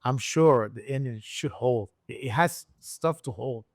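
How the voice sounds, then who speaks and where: A man tells a story as a guest in a casual interview. His voice sits in a middle register and the sound is dry and close, with no room around it. He acts out the people he quotes by jumping up in pitch. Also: unhurried, no echo. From Puerto Rico. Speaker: guest, engine builder and shop owner.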